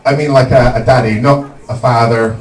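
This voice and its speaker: A young man from Somerset, doing a stand-up comedy set with deadpan one-liners and frequent "um" pauses. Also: mid-range voice, faint music behind. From Somerset, England. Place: comedy club stage. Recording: echoey club, distant mic, loud crowd.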